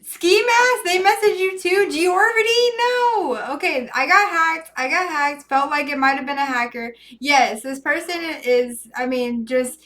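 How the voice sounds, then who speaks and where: A woman's voice: high voice, measured pace, hardly any pauses, a bit bright. A woman hosting a casual livestream, flustered, swearing and talking to her chat. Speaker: host.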